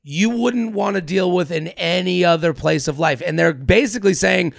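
A man hosting a comedic advice podcast, ranting in an animated and profane way. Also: high-pitched, moderate pace, vocal fry, hardly any pauses, no room sound, studio quality. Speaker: podcast host.

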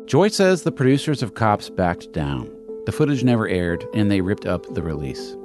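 Low-voiced man narrating, lively inflection. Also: moderate pace, over music. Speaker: podcast host and reporter. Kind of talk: scripted narration.

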